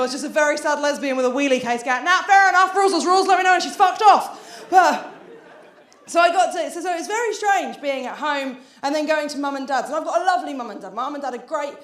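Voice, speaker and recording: A woman's voice: high voice, fairly bright tone, roomy sound. A woman doing a chatty, self-deprecating stand-up set on a theatre stage, with lots of filler restarts. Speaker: stand-up comedian. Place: theatre stage before an audience.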